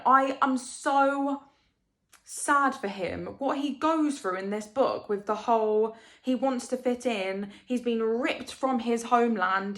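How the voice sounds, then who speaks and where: A woman's voice: a little high, fairly bright tone. A young woman vlogging a casual book review, rambling emotionally and asking rhetorical questions.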